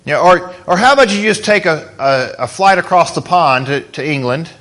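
A man's voice: a little high, lively intonation, fairly quick, a bit bright. A man preaching a sermon as pastor, in a conversational way, asking the congregation questions.

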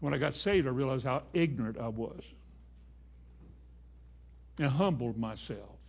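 A man preaching a sermon in a folksy way, dropping to a hush and then rising to emphatic declarations. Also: mid-range voice, animated, measured pace, vocal fry. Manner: folksy, swings between hushed and emphatic. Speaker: pastor.

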